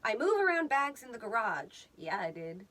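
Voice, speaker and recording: A woman's voice: a little high, big pitch swings, normal speed, a bit bright. A woman hosting a vlog. She talks casually and playfully while sketching, jokes a lot, and now and then slips into put-on accents. She is recorded on a phone. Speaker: vlog host.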